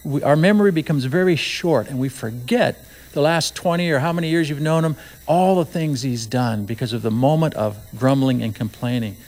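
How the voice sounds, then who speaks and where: A man preaching a sermon in a conversational way, with asides and slow, emphatic phrases. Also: medium pitch, darkish tone. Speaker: pastor.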